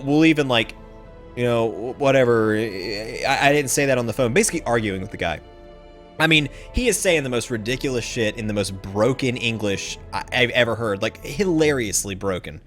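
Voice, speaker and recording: A man telling a rambling anecdote to his viewers, swearing casually and with lots of fillers. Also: medium pitch. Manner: rambling, swearing, animated storytelling. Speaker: streamer telling a story.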